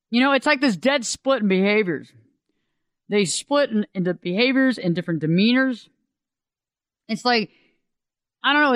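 A man talking casually about relationships as an advice speaker, animated and acting out the quoted voices of others. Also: high-pitched, no echo.

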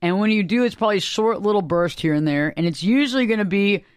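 A man with a notably high voice hosts a spiritual talk show, speaking earnestly and looping back over his points. The sound is close and dry, with no room around it. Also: quick pace, clean tone, no echo. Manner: earnest, rambling, repeats himself.

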